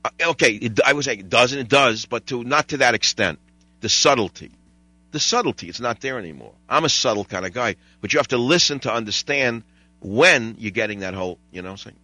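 Hosting talk radio from a studio microphone, an older man speaks a little fast at medium pitch, animated, pushed and bright, with no echo. He wanders off on wry tangents, does impressions, and trades jokes with his callers.

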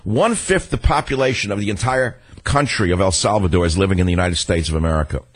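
A man's voice: sits low, quick pace, dry recording. A man hosting a political talk radio show, delivering a combative, sarcastic monologue.

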